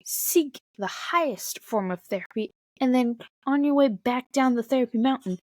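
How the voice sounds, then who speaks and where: A young woman and mother talking bluntly to camera in a casual vlog, swearing often and getting animated. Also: high voice, moderate pace, no echo. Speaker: mother of a toddler.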